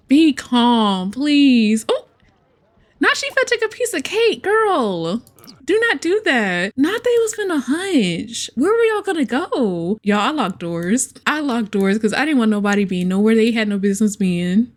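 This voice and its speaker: A young woman hosting a casual gameplay commentary. She is chatty, calls her viewers y'all, laughs often, and breaks into excited squeals and playful exasperation. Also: a little high, a little slow. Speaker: gameplay host.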